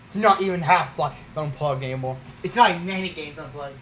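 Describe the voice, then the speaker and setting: A young gamer giving casual, profane commentary over gameplay, often mumbling low and swearing. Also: fairly quick, a bit bright, a little hiss or hum, poor audio. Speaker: gaming youtuber.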